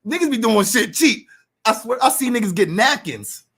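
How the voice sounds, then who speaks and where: A man's voice: extremely high pitch, normal speed, vocal fry, husky. A man in a casual monologue rant, full of profane street slang, acting out what people say. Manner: animated, profane street slang, acts out quotes.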